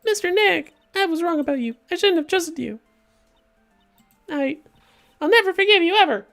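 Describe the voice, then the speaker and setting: A woman's voice: animated, moderate pace, a bit bright, faint music behind, full character voice. A woman voicing a timid, polite little girl who stammers, reading game dialogue aloud. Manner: stammering, high and earnest.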